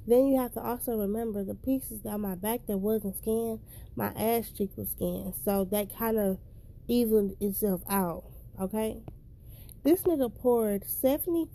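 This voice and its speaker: A woman's voice: on the high side, dark tone. A young woman telling a personal story in a casual vlog, blunt and profane, getting emotional as she speaks.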